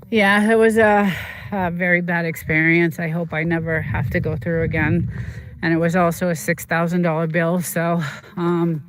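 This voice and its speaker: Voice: medium pitch, little pitch movement, moderate pace, a little hiss or hum. A streamer talking in a rambling, emotional way, full of fillers and restarts, in casual chat from a desert home.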